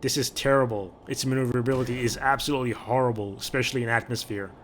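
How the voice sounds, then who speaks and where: A man's voice: medium pitch, fairly even intonation, fast talker, a little hiss or hum. A man giving casual, chatty commentary over gameplay, often repeating words as he thinks aloud. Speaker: gaming video creator.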